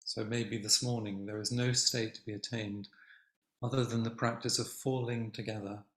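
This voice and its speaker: An older man giving a Zen dharma talk as a teacher, speaking gently and reflectively with long pauses. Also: fairly low pitch, flat delivery. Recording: echoey room.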